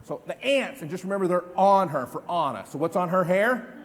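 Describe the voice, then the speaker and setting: A man in his fifties giving an energetic live stage demonstration as a memory trainer, quizzing the audience with repeated questions. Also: high-pitched, a little fast. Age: 50s. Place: large event hall. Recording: long hall reverb.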